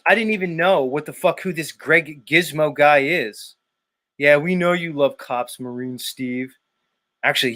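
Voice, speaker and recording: A man's voice: fairly high pitch, fairly bright tone. A man hosting a livestream, ranting in a heated, profane way at his chat and repeating people's names. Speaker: livestream host. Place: dark room.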